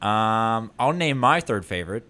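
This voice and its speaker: A man co-hosting a casual beer-tasting podcast in a laid-back way, sometimes slowly reading out lines. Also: fairly low pitch, animated, pushed and bright. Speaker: podcast co-host.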